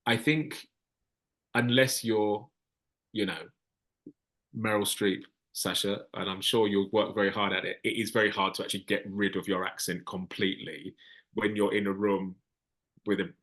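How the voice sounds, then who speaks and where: Low-voiced man giving frank advice. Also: fairly even intonation, moderate pace, fairly bright tone. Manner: frank, hesitant, with many restarts. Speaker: casting director. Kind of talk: Q&A advice session.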